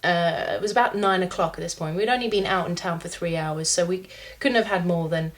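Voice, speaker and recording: A woman's voice: on the low side, a little fast. A young woman, chatting casually to camera, rambling with fillers as she tells a story. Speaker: vlogger.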